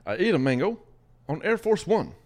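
A jokey presidential voice, put on by a man, sing-song and loud. It rides well above his normal pitch and bounces around. The manner is playful and exaggerated. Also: sing-song, normal speed. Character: impression of a male president, playful.

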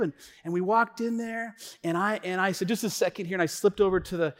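A middle-aged male pastor preaches a sermon, telling a story and acting out the quotes with lively energy. His voice sits high for a man. It rings with the long reverb of a church hall. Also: brisk. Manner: animated storytelling, acts out quotes. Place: church sanctuary.

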